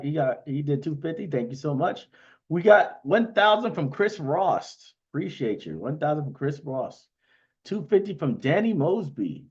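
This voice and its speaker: A man hosting a casual livestream, talking excitedly in quick bursts and often asking "you know what I mean". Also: fairly high pitch, breathy edge, dull audio. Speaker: livestream host thanking investors.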